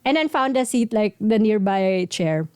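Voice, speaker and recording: A woman's voice: medium pitch, lively intonation, moderate pace, darkish tone, clean tone, no echo, studio quality. A woman co-hosting a podcast, telling a story in a rambling, casual way with many fillers. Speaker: podcast co-host.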